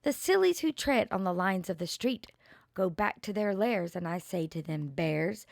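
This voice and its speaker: An older woman reading children's poems aloud in a slow, expressive way, with playful asides. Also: medium pitch, vocal fry, dry recording, clean studio sound.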